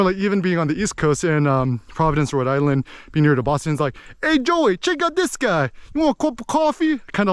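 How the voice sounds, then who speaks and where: A man giving a rambling, animated casual monologue as a podcast host. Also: fairly high pitch, smooth, no echo, clean studio sound. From United States. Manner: animated, rambling, with many fillers.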